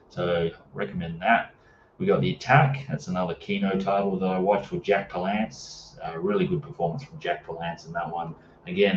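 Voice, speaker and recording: Deep-voiced man chatting about films. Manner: rambling, many fillers, reads live chat. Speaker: livestream host. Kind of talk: casual movie chat. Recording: roomy, distant, dull with faint hiss.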